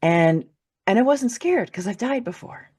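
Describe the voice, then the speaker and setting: A woman's voice: mid-range voice, expressive, a little slow, darkish tone, slightly rough. A woman who is an author and podcast guest, candidly telling a personal story and swearing freely. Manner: candid, swears freely, laughs through hard moments. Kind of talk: emotional personal storytelling in conversation.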